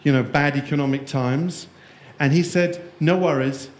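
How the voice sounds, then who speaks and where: A man's voice: on the high side, normal speed. A man giving a conference keynote, jokey and playful, quizzing the live audience in the room. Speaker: keynote speaker. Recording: echoey room.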